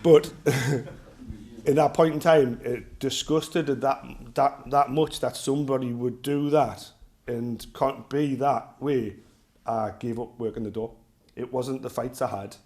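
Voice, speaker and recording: Jokey Geordie self-defence instructor. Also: male voice, mid-range voice, fairly even intonation, unhurried, a little mellow. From North East England. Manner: rambling, jokey, laughs at own stories. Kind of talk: casual class talk with anecdotes.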